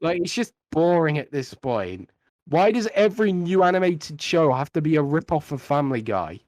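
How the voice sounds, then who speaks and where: A young man with a slightly higher voice talks in a blunt, sweary rant. The sound is dry and close, with no room around it. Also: very animated, moderate pace, a little mellow, dry recording. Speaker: podcast co-host. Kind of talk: casual podcast chat.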